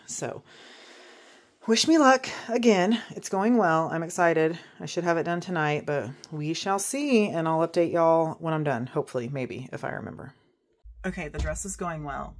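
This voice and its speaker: Chatty low-voiced woman vlogger. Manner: chatty, rambling, self-deprecating. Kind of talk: casual chat. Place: at home sewing.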